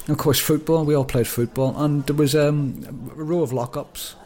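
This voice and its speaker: A man's voice: on the high side, fairly even intonation, moderate pace, darkish tone. Rambling older man chatting casually. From Northern Ireland, outside Belfast. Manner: rambling, self-interrupting, chuckling. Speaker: podcast co-host. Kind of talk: casual chat.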